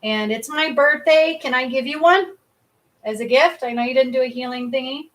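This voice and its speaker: A woman's voice: high voice, normal speed, fairly bright tone, poor audio. A woman reading cards and giving healings on a casual livestream, chatty, laughing often and swearing casually. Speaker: psychic reader and energy healer.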